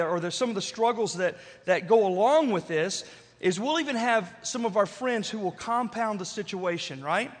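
A man with a high voice preaches a Sunday sermon in a casual, repetitive style, asking the room "right?" again and again. His words ring out with a long reverb through a big church sanctuary. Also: fairly bright tone. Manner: repetitive, rhetorical, conversational preaching with frequent "right?". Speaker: pastor. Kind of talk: sermon to a live congregation.

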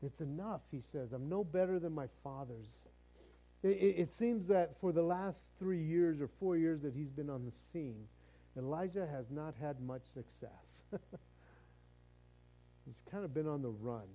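A man's voice: on the high side, measured pace, dark tone, poor audio. A man preaching a sermon in a conversational way, often stumbling and restarting his words. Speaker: pastor.

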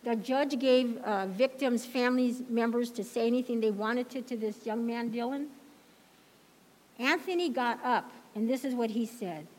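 A woman's voice: a little high, moderate pace. A woman giving a heartfelt church lesson on a handheld microphone, telling stories with emphatic repeated phrases. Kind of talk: heartfelt sermon-style storytelling. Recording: long hall reverb.

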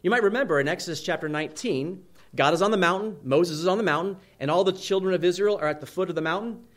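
Man, pastor, conversational sermon, frequent "right?" checks, slightly high voice. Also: quick pace. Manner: conversational preaching, frequent "right?" tag questions.

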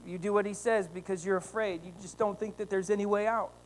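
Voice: mid-range voice, fairly even intonation, quick pace. A pastor preaching a sermon, telling a story and speaking straight to the congregation with growing fervor, often tagging lines with "right?". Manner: storytelling, addressing the congregation directly with rising fervor; frequent "right?" tag questions.

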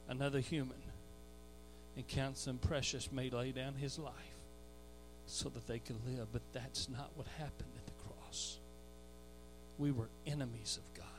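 A man preaching a verse-by-verse sermon as pastor. He rises to shouted emphasis on key phrases and sometimes repeats a word as he restarts. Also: medium pitch, rough recording. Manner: repeats words when restarting. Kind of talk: expository sermon.

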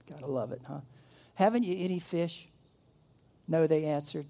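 A man's voice: on the high side, moderate pace, gravelly, warm tone. A middle-aged man preaching a sermon, reading scripture aloud and breaking off into playful jokes and asides. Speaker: pastor.

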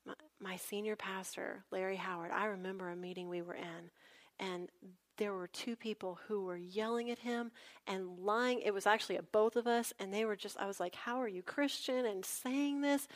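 A woman's voice: mid-range voice, moderate pace. A woman pastor preaching a sermon in a chatty, storytelling way with asides to her listeners. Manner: conversational, animated storytelling with asides to the congregation.

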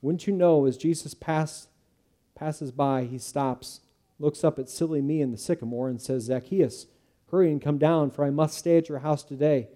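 A preacher reading an earnest, repentant tax collector. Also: male voice, on the high side, dark tone, natural voice. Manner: earnest, pleading and quick. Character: repentant male tax collector, eager and humble.

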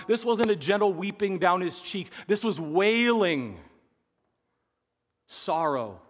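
A man preaching a sermon earnestly, swinging between emphatic passages and hushed, quiet ones. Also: sits high, big-room sound. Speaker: pastor.

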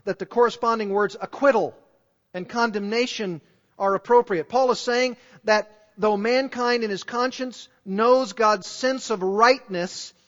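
High-voiced preacher in a reverberant hall. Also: male voice, steady tone, unhurried, fairly bright tone. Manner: earnest, rhetorical questions, emphatic repetition. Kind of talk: sermon. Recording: dull recording with long hall reverb.

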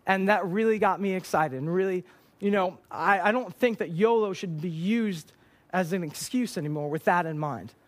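A young man speaking as a youth pastor, preaching to a church group in a chatty storytelling way with animated quoted dialogue. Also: sits high, moderate pace. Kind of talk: youth sermon with a personal story. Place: church service.

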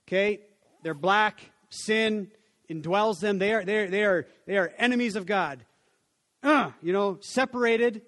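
A man preaching a casual sermon as a pastor, talking conversationally with many restarts and acting out people's inner voices. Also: high-pitched.

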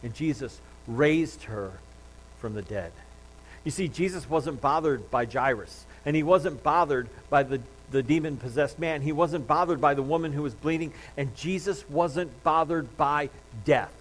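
A man preaching a sermon, retelling a Bible story with lively acted-out quotes and frequent restarts. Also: a little high, measured pace, low-quality recording. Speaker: pastor.

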